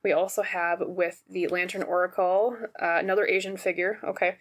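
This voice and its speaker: A woman's voice: lowish voice, level tone, normal speed. A woman with a Minnesotan accent giving a casual, rambling pick-a-card tarot reading, often checking in with the viewer. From Minnesota, United States. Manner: chatty, rambling, often checks in with "okay?" and "right?". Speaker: tarot reader, channel host.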